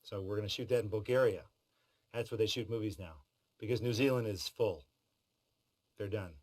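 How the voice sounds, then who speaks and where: A man's voice: on the low side, normal speed, a little mellow, rough recording. A middle-aged man talking in a behind-the-scenes interview about voice work, with a wry, joking manner. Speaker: voice actor in behind-the-scenes feature. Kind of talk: interview talk.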